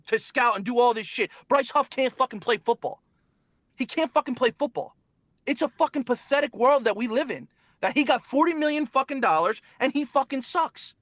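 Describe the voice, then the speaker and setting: Young male sports host mid-rant, high-pitched, angry and profane, close dry mic. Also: a bit bright, no echo. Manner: angry, profane, repetitive ranting. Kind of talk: heated sports talk rant.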